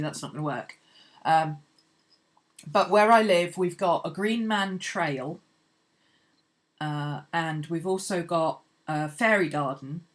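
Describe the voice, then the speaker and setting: A woman hosting an art channel, chatting casually and rambling cheerfully as she sketches. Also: fairly low pitch. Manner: chatty, rambling, laughs easily. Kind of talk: casual chat while sketching.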